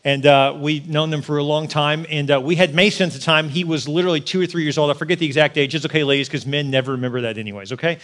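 A male pastor in his forties preaches at a quick clip in a high voice. He tells personal stories, jokes with the congregation and builds up to loud, animated peaks. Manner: animated, rising to shouting at peaks.

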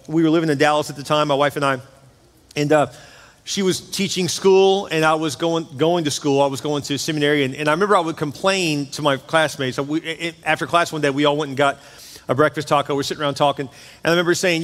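Speaking fast in a light, high voice, a middle-aged pastor gives a chatty, spirited sermon and keeps turning to address the congregation. His words echo with the long reverb of a large church sanctuary.

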